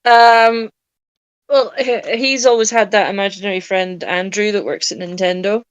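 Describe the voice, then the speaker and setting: Brief: rambling, laugh-prone woman in her late twenties, tired, mid-pitched voice, dry close mic. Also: moderate pace, smooth, dry recording. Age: late 20s. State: sleep-deprived. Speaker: podcast co-host. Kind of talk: casual chat.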